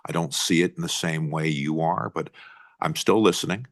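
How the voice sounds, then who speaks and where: A middle-aged man with a very deep voice and a moderate pace, a state senator, questions a witness at a committee hearing. He's blunt, repeats himself, and restarts his sentences often.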